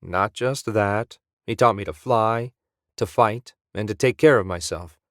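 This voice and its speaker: A man's voice: on the low side, unhurried, a bit bright, dry recording, clean studio sound. A man voicing a confident, easygoing male smuggler hero in an audiobook. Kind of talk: audiobook character voice.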